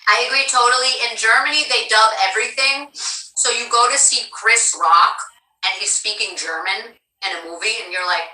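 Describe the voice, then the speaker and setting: A woman's voice: fairly high pitch, moderate pace, pushed and bright, roomy sound, far from the mic, rough recording. A woman voice actress in casual chat, talking emphatically with a theatrical flair.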